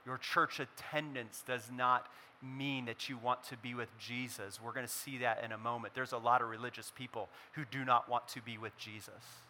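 A man preaching a sermon as a pastor, swinging between loud emphasis and quiet, intense passages. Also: mid-range voice, fairly even intonation, normal speed, hardly any pauses, slight background noise.

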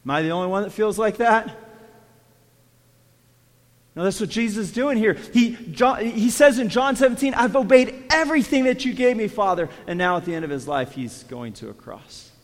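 A man with a fairly high voice preaches a sermon, and his words ring out with a long reverb from a church hall. He shifts between hushed, low lines and raised, emphatic stretches. When he quotes prayers, he acts them out with feeling. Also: sing-song, moderate pace. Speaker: pastor.

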